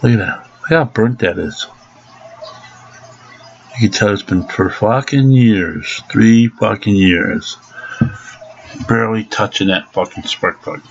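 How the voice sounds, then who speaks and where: A man's voice: fairly low pitch, takes it slowly, creaky, pauses often, slight background noise. A man angrily ranting about a botched car repair, swearing heavily. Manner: angry, profane ranting. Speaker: angry car owner. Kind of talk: ranting vlog. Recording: dull lo-fi recording.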